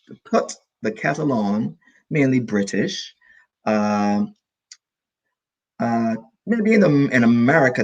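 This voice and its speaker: A man from the Caribbean teaching an online English lesson, lively and encouraging, repeating key phrases for his student. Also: medium pitch, creaky, breathy edge.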